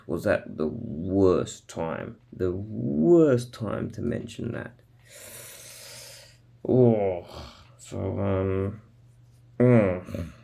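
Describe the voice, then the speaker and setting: A young man talks through his day in a loose, rambling video diary. His voice sits low with a gravelly fry, and he fills the gaps with ums and small chuckles. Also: warm tone. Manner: rambling, filler-heavy, chuckling. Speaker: vlogger. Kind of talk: casual daily video diary.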